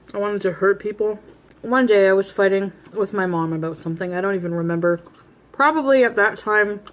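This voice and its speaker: A woman vlogger in her thirties, bluntly telling a rambling story about herself, laughing at herself while she eats. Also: medium pitch. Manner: eating while talking. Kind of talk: casual storytelling.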